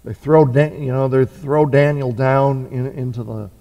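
A man's voice: medium pitch, measured pace, dark tone, muffled recording. A man preaching a conversational sermon, full of fillers, restarts and rhetorical questions. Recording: reverberant hall.

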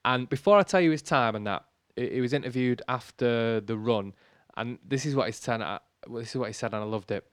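A man co-hosting a relaxed podcast, telling stories with a matey, sweary enthusiasm. His voice sits in a middle pitch and sounds close and dry, with no room around it. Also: brisk, few pauses, smooth, no echo. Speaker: podcast co-host. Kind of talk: casual chat.

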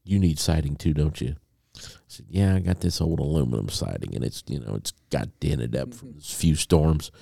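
A man co-hosting a podcast, telling a long story in a casual, animated way and acting out a phone call. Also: a bass voice, moderate pace, vocal fry, hardly any pauses, slightly rough, no echo, clean studio sound. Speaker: podcast co-host.

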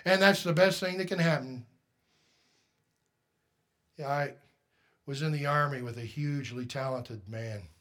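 A man preaching a sermon as pastor, emphatic and direct, firing rhetorical questions at the congregation. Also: medium pitch.

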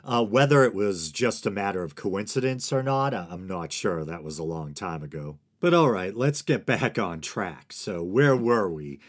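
Low-voiced guy in his 40s doing a solo podcast, rambly and wry, laughs at his own tangents. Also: lively intonation, normal speed, few pauses. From United States. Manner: digressive, wry, chuckles at own asides. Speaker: podcast host.

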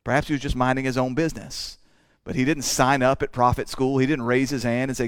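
A man preaching a sermon in earnest, swelling loud on key phrases and dropping to quiet asides. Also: mid-range voice, flat delivery, a little fast, clear, resonant tone, no echo, clean studio sound. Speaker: pastor.

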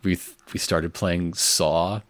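A man chatting casually with fellow tabletop players, easygoing and quick to laugh. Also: low voice, steady tone, no room sound. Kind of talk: casual chat among players.

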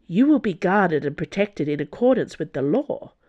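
A woman's voice: lowish voice, sing-song, normal speed, darkish tone, muffled recording. A woman voicing a stubborn, dutiful female marshal guarding a prisoner, speaking earnestly.

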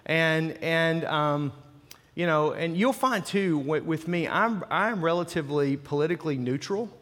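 Folksy pastor in a reverberant sanctuary. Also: male voice, on the high side, unhurried, a bit bright. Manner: folksy and conversational, with restarts and asides. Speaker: senior pastor. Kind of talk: sermon. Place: church sanctuary with live congregation. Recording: long hall reverb.

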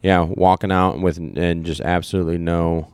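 A man's voice: low voice, level tone, normal speed, clear, resonant tone, no room sound. A man from Iowa co-hosting a podcast, chatting casually about politics, rambling with fillers and restarts. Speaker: podcast co-host.

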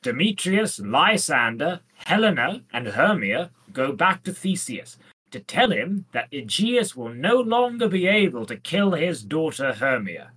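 A man co-hosting a podcast, giving a lively summary of a play's plot. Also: on the high side, measured pace, husky. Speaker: podcast co-host. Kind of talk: scripted plot summary and chat.

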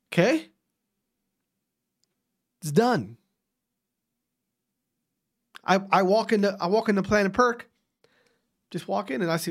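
A man from Wisconsin ranting to his audience in a casual, profane way. His voice sits high and swings widely as he repeats himself and restarts sentences. He sounds loose and unscripted, talking straight to his viewers. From Wisconsin, USA. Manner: profane, repetitive, animated ranting. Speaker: vlogger. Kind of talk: casual rant to camera.

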